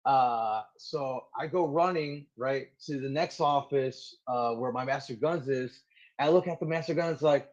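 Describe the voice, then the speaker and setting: A man's voice: a little high, unhurried. A man in his thirties, a Marine guest on an interview show, telling a story casually and animatedly with lots of "like"s. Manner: animated, filler-heavy storytelling with many "like"s. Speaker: Marine gunnery sergeant guest. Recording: slightly dull lo-fi audio.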